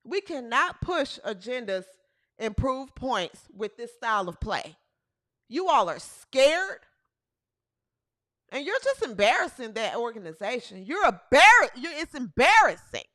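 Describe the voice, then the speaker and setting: A woman's voice: a little high, big pitch swings, unhurried, a bit bright. A woman hosting a sports talk show, ranting emphatically and repeating phrases for emphasis. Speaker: host. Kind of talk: sports commentary rant.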